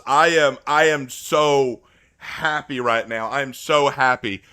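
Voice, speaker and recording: Male streamer, casual live chat, excitable and rambling, bright voice. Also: medium pitch, takes it slowly. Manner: excitable and rambling, repeats himself. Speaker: content creator streaming live.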